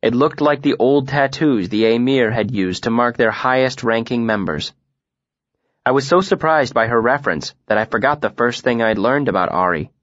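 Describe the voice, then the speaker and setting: A man narrates a first-person fantasy tale at a measured, steady pace, his voice in the middle register. The recording is dry and close, with a slightly dull, muffled top end. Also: medium pitch, no room sound. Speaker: audiobook narrator.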